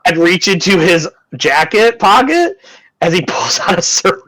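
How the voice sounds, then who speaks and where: A man's voice: sits high, animated, moderate pace, fairly bright tone, dry recording, poor audio. A man narrating as game master in a tabletop game, in a casual, loose style with some swearing.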